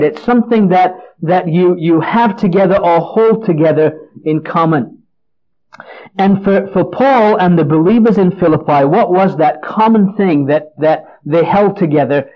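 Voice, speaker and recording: A man preaching an earnest Bible-teaching sermon, often restarting and repeating words as he explains a passage. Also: high-pitched. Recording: dull lo-fi recording.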